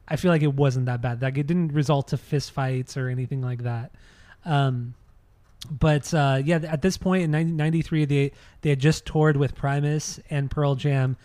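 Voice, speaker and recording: A man with a slightly higher voice rambles in a laid-back way while co-hosting a casual podcast, laughing easily between points. The recording is dry and close. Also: darkish tone, no echo. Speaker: podcast co-host. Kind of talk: casual chat.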